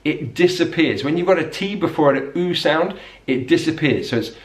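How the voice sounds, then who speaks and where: A man's voice: fairly high pitch, lively intonation, far from the mic. British man teaching pronunciation, roomy sound. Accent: British English. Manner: clear, explanatory, slows to model words. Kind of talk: pronunciation lesson. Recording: roomy echo.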